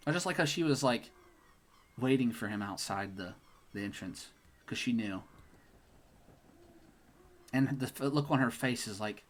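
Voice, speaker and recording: A man's voice: mid-range voice, lively intonation, a little slow, pauses often. A young man casually commenting on his playthrough of a game, joking around and laughing often. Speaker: gaming streamer. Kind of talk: casual let's-play commentary.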